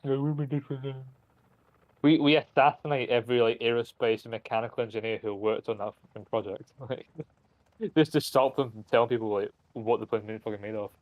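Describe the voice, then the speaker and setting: A young man chatting on a stream, tumbling through profane, rambling asides and laughing at his own jokes. His voice sits at a middling pitch, and the sound is dry and close, as if he is right on a headset mic. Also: steady tone, fairly quick, dry recording, muffled recording. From Britain. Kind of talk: casual gaming stream chat.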